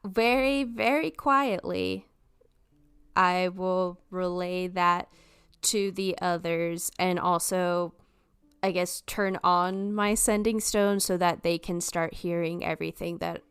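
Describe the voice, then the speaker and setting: Woman player, slow and deliberate, very clear voice, dry sound. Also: on the low side, fairly even intonation, fairly bright tone, no echo. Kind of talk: tabletop game play, casual.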